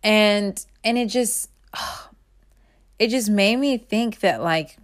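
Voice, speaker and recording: A woman of about twenty reflecting on her life in an earnest, rambling way, full of fillers and restarts, her voice swinging between bright and hushed. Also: medium pitch, extremely slow. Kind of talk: personal reflective monologue.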